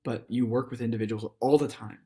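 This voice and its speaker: A man's voice: mid-range voice, steady tone, quick pace, warm tone. A man hosting a podcast interview, upbeat and affirming, with many hesitant restarts. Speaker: podcast host.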